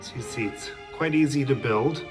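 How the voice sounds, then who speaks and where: A man hosting his own cooking channel, talking through a recipe in a relaxed, chatty way with frequent filler words. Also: mid-range voice, normal speed, roomy sound, over music. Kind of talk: casual cooking demonstration.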